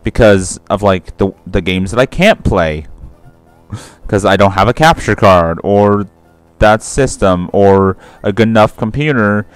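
A man's voice: fairly low pitch, lively intonation, a little slow, smooth, no echo. A young man doing casual let's-play commentary, rambling, swearing freely and correcting himself mid-sentence. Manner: rambling, profane, self-correcting.

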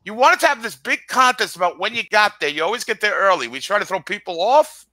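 A man's voice: high voice, expressive, fast talker, pushed and bright, dry recording. A man co-hosting a casual podcast chat, teasing and probing his friends with jokes. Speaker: podcast co-host.

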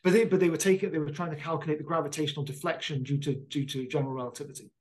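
A man's voice: on the high side, fairly even intonation, racing, low-quality recording. A middle-aged man, an astronomer, chatting casually and explaining with enthusiasm. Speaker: astronomer and former program manager. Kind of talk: casual conversation.

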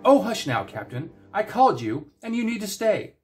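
A flamboyant godlike aristocrat speaks in a high, sing-song voice, as a man puts him on, haughty and childish. His lines come out theatrical and lilting. It is a fan story reading. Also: big pitch swings, normal speed, soft background music. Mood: gleeful.

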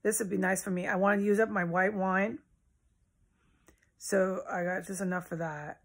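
A woman's voice: medium pitch, fairly even intonation, normal speed. A woman vlogging from her house in a rambling, agitated monologue, swearing often and jumping between topics. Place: at home in a house.

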